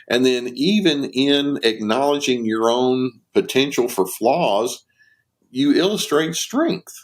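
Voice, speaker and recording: An older man, a psychologist guest on a podcast, explaining calmly and acting out sample lines of dialogue. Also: mid-range voice. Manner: measured, explains with acted-out example dialogue. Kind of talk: conversational podcast interview.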